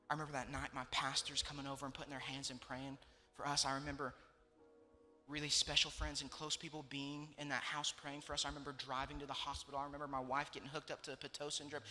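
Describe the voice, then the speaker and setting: A man's voice: fairly high pitch, bright, forceful tone, long reverb tail. A young adult man preaching a sermon, pastor telling a personal story with emotional repetition. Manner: emotional storytelling, repeating phrases for emphasis.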